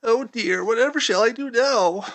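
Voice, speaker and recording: A man's voice: high-pitched, expressive, normal speed, a bit bright, no room sound. A man voicing a small, frightened male meadow mouse with a fretful, pleading manner. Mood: worried. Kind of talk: storybook character voice.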